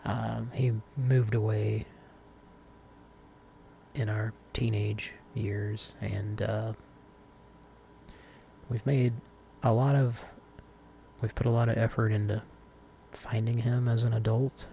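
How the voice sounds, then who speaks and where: Host, male, low creaky voice, loose rambling delivery. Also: takes it slowly, long pauses, a little hiss or hum. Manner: rambling, relaxed, with many fillers and restarts. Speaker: host of a live call-in stream. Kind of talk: casual live-stream chat.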